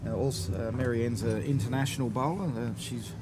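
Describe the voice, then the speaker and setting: A man's voice: mid-range voice, fairly quick. Aussie guy calling lawn bowls, easygoing, lots of uhs, noisy outdoor mic. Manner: relaxed, chatty, many "uh" fillers. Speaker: bowls commentator. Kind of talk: live sports commentary. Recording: outdoor mic with steady background noise.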